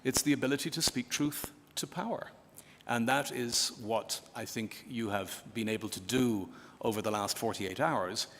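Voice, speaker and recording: Man giving a dry, measured speech. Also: mid-range voice, fairly bright tone. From Ireland. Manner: measured, dry storytelling with pauses. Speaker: UN official giving closing remarks. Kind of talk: formal closing speech with humor. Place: conference hall. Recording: long hall reverb.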